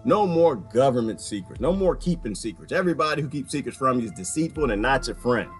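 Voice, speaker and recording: A man delivering a ranting comedic monologue, swinging from low mutters to high-pitched outbursts. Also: animated, fast talker, soft background music. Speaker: vlogger.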